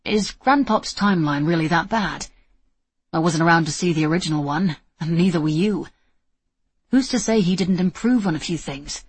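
Woman narrator doing a whiny cowardly young man, complaining, breathy voice, dry close sound. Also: fairly low pitch, normal speed, dry recording. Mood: sly. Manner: complaining, whining.

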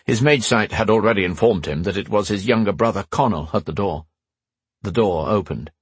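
A man's voice: fairly low pitch, fairly quick, slightly rough, dry recording. A man narrating a novel as an audiobook, telling the story expressively into a close mic. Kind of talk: scripted narration.

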